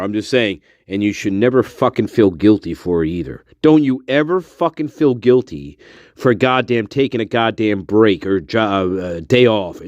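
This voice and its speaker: A man's voice: on the low side, a little mellow, no room sound, lo-fi sound. A man hosting a casual livestream, talking to his viewers in a profane, emphatic pep talk. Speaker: livestream host.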